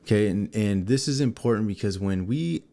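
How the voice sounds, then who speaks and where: Middle-aged male co-host, lower voice, easygoing scripture teacher who laughs a lot. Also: animated, moderate pace, mellow. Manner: conversational, teaching, laughs often. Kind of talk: faith-based casual chat.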